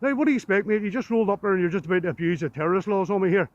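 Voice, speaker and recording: A man with a Northern Irish accent, filming police outdoors on a street and arguing with them loudly and insistently. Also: sits high, racing, dry recording. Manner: loud, insistent, argumentative. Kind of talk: heated confrontation with police. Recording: dull lo-fi street video audio.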